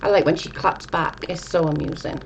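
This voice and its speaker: A young woman chats casually on a live stream, reading viewer comments, rambling and swearing casually. Her voice is low, brisk and gravelly, with slight background noise.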